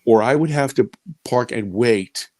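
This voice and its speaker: A man's voice: mid-range voice, measured pace, no echo. Middle-aged man, dry close storytelling voice. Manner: animated and emotional, repeating himself and shifting from loud to hushed. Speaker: film producer and director as interview guest. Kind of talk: personal storytelling in an interview.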